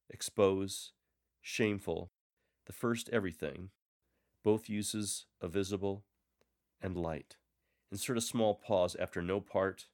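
A man giving calm, measured coaching on how to read scripture aloud in church. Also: lowish voice. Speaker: lector coach. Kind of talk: scripted instructional narration.

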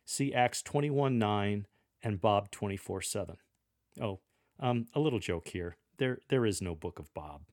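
A man hosting a podcast lesson, coaching scripture readers in a gentle, measured way with the odd dry joke. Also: fairly low pitch, lively intonation, no room sound.

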